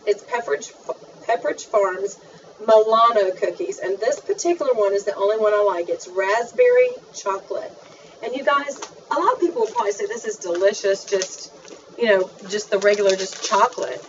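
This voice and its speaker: A woman's voice: on the high side, far from the mic, slight background noise. Woman vlogger, chatty and gushing, mic set back, dull lo-fi sound. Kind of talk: casual chat. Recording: dull, faint, off-mic home recording.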